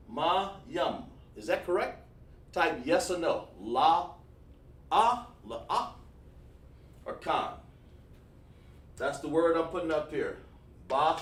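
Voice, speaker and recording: Guy teaching a live online lesson, keeps quizzing the chat, sounds far off from the mic. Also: a little high. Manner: questioning, coaxing students to answer. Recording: echoey room, far from mic.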